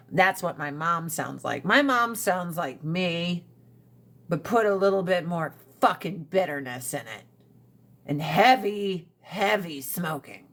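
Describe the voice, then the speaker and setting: A woman's voice: lowish voice, expressive, slow, a bit bright. A woman in casual livestream chat, blunt and profane, often laughing, talking into a phone. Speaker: livestream host.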